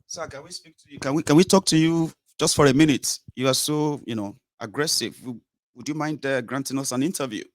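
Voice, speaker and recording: A man's voice: mid-range voice, brisk, voice pushed up, lightly acted. A man voicing a polite, persistent male street reporter, asking questions in a coaxing, insistent way.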